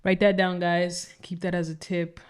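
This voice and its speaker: A woman's voice: fairly low pitch, level tone, moderate pace, clear, resonant tone. Upbeat woman co-host talking to listeners. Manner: upbeat, addresses listeners directly. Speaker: podcast co-host. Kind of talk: casual business podcast chat.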